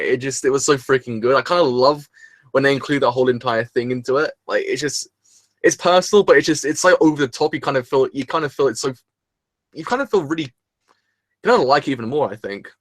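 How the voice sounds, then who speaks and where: A man doing a live reaction review from his room, rambling excitedly and swearing casually, with a sore throat. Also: medium pitch, quick pace, no echo. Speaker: anime reviewer.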